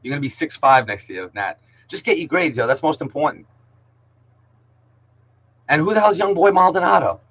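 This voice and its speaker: A man's voice: fairly high pitch, lively intonation, normal speed, long pauses, a bit bright, husky, lo-fi sound. A man, teaching an online class in a casual, jokey way, slangy, saying "yo" a lot and calling out students by name. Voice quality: slangy, peppers speech with "yo". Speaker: middle school English teacher.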